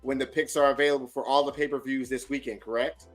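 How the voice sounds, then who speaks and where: Fast-talking man double-checking details. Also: medium pitch, level tone, soft background music. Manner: checks details aloud, keeps asking for confirmation. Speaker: podcast host. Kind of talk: casual chat.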